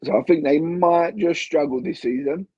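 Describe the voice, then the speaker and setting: A man with a husky, mellow, slightly high voice talks football in a loose, rambling way. The sound is a dull, dry video-call feed. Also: normal speed, dry recording. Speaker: podcast co-host. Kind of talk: casual football chat.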